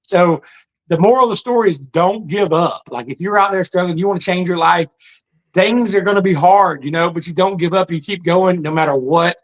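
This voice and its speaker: A middle-aged man tells his life story in a high voice. He talks fast and plainly, with an earnest, folksy manner. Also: poor audio. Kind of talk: casual storytelling monologue.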